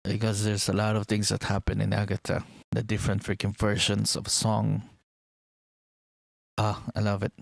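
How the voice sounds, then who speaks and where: A young man chats in a loose, rambling way, low-pitched with a gravelly edge. He gets excited as he goes and drops casual swears. The recording is close and dry. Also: moderate pace, long pauses, no echo. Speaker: vlogger. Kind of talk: casual chat.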